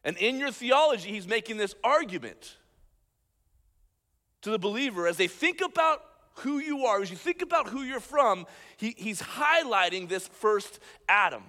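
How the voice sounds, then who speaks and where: A man, a pastor, preaching a sermon with animated emphasis, swinging between loud points and quiet asides. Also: sits high, normal speed. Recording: long hall reverb.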